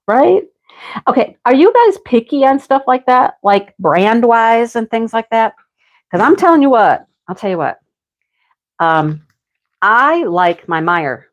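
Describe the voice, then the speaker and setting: A woman hosting a live craft stream, chatting casually and greeting viewers by name while she works. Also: medium pitch. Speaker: craft livestream host.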